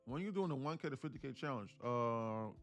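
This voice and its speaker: A man with a New York accent talks through a live day-trading stream in a casual, off-the-cuff way. His speech is loose and profane, full of street slang, and he repeats phrases in chant-like runs. His voice sits at an ordinary male pitch, with faint music playing underneath. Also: expressive, fairly quick. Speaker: day-trading livestream host.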